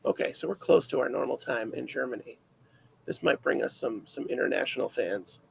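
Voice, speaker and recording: Raspy gravelly guy hosting a chill livestream, rambly, lots of ums. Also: medium pitch, expressive, fairly quick, low-quality recording. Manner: rambling, self-deprecating, filler-heavy. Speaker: livestream host. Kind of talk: casual livestream chat.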